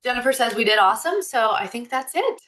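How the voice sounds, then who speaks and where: A woman's voice: on the high side, expressive, fast, a crowd in the background. A woman hosting an online course Q&A, chatty and loose, full of fillers and restarts. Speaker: course host. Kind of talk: casual webinar Q&A.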